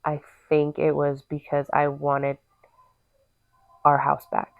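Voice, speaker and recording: Casting note: thirties woman with a low voice, blunt teasing co-host, dry and tinny recording. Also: monotone, slow pace, vocal fry, no room sound. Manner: teasing, blunt, acts out voices in her stories. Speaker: podcast co-host. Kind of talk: casual chat. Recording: tinny phone-like sound.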